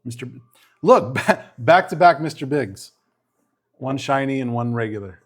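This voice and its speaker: Relaxed middle-aged man chatting while opening cards. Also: mid-range voice, moderate pace. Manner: relaxed, rambling, breaks off and restarts. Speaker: streamer opening trading cards. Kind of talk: casual chat on a livestream.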